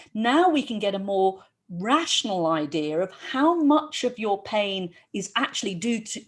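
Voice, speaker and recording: A woman who treats performing artists, giving a lively educational talk and often checking in with the audience. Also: mid-range voice. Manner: lively, often asks "right?". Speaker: health practitioner for performing artists.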